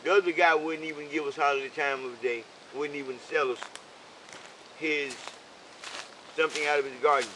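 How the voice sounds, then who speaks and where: A man's voice: a little high, steady tone, normal speed, long pauses, noisy background. An older man telling a roadside story in casual conversation, preachy and leaning on "okay?" for emphasis. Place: in a vehicle.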